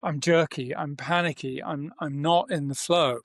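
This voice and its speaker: Instructive man with a higher voice. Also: fairly even intonation, normal speed, no room sound, studio quality. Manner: instructive, poses rhetorical questions, repeats key phrases. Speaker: breathwork teacher and author, podcast guest. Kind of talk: podcast interview, explaining at length.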